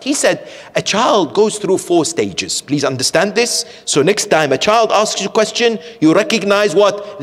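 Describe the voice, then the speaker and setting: A man giving a religious lecture at a community centre, telling stories in an animated, rhetorical way and checking in with his listeners. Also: high-pitched. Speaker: sheikh lecturing a congregation. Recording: echoey hall.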